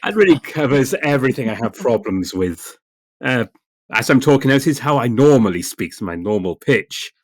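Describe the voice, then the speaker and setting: A man talking calmly and measuredly as a guest voice actor on a podcast, with dry humor. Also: medium pitch, moderate pace, no echo. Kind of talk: casual roundtable chat.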